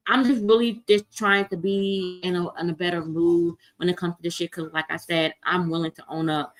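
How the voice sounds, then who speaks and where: A woman's voice: lowish voice, flat delivery, poor audio. Blunt, profane woman ranting on a livestream. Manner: blunt, profane, fast rants with repeated restarts; reads viewer comments aloud and answers them. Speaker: livestream host. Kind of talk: casual unscripted livestream talk. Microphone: computer mic on a livestream.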